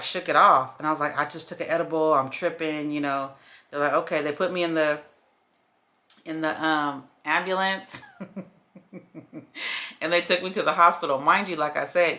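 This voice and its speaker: A woman tells a story to her vlog audience, acting out the other voices. Her voice sits low but sounds bright and forceful. She calls her viewers y'all and baby as she talks. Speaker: vlogger telling a story. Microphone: camera while doing makeup.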